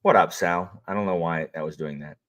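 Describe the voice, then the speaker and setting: A man's voice: low voice, brisk, fairly bright tone, dull audio. A man chatting casually on a livestream, rambling with many fillers and restarts as he greets viewers and talks about what he is reading. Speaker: audiobook narrator and livestream host.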